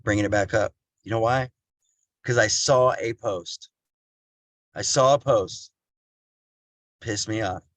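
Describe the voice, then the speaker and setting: A man's voice: lowish voice, slow pace, pauses often, a bit bright, no echo. Blunt, repetitive man giving a motivational talk. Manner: blunt, casual, repeats lines for emphasis; addresses listeners as family. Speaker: motivational speaker.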